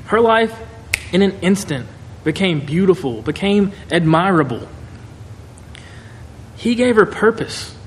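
A man preaching a sermon in a conversational, animated way, acting out quotes. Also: on the high side. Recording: echoey hall, faint noise.

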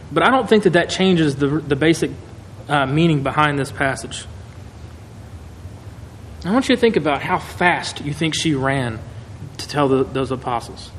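Man, preacher, conversational animated sermon, faint background noise, echoey room. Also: fairly high pitch, normal speed. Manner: conversational and animated, with acted-out quotes.

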